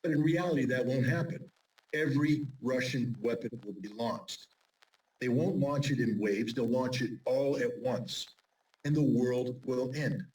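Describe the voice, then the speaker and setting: A man's voice: medium pitch, measured pace, a little mellow. Urgent, emphatic man, distant mic. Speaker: interview guest. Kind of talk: interview commentary. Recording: distant mic with faint noise.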